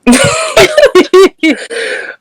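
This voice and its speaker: A young woman with a Chicago accent in casual chat, animated and quick to laugh. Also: extremely high pitch, no echo.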